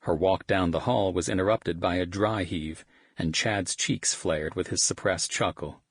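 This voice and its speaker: Male narrator, first-person audiobook, wry and casual, very low voice, husky, dry close studio sound. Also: a little slow, dry recording. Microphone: studio microphone.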